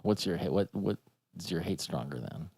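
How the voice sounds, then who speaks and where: A man's voice: low voice, animated, normal speed, darkish tone, breathy edge, dry recording, studio quality. A man hosting a podcast, joking and rambling in casual chat. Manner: jokey, rambling, stammers on restarts. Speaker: podcast host.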